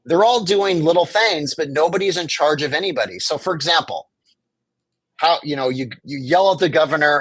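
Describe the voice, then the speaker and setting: A man's voice: on the high side, brisk, a bit bright, no room sound, poor audio. Impassioned man with a dry sound. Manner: impassioned, argumentative, acts out quoted officials. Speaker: homelessness advocate guest. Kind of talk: conversational interview.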